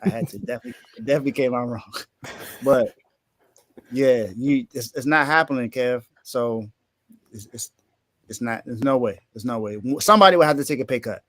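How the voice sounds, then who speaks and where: A man's voice: medium pitch, expressive, fairly quick, a bit bright, no echo. A man co-hosting a sports podcast who argues emphatically and often repeats his words. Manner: repeats himself, emphatic and incredulous. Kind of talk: casual sports talk.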